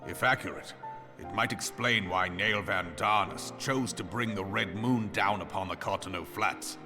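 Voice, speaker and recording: An actor playing a grave, learned male elder in a game cutscene, speaking in formal archaic phrasing with a measured delivery. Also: lowish voice, music in the background, natural voice. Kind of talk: video game cutscene voice acting.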